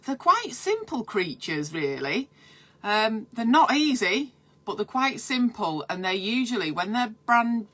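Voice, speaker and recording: Bright-voiced chatty midwife. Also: female voice, mid-range voice. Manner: chatty and encouraging, addressing viewers directly. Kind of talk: casual live-stream advice.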